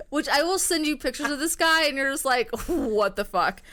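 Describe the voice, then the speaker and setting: A woman's voice: sits high, bright, forceful tone. A woman co-hosting a podcast, telling a true-crime story in a loose, rambling way, full of "like" and "um" and casual swearing. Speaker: podcast co-host.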